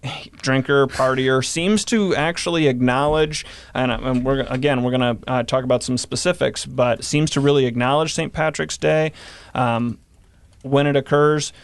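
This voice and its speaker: On a podcast, a man appearing as a guest historian talks casually at normal speed, explaining the past and reading old newspaper reports aloud, with some fillers. His voice is medium-pitched, clear, and resonant.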